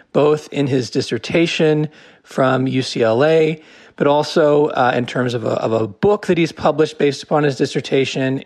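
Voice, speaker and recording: A man hosting a podcast interview, introducing a guest casually with many fillers. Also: fairly high pitch. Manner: friendly, filler-heavy. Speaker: podcast host.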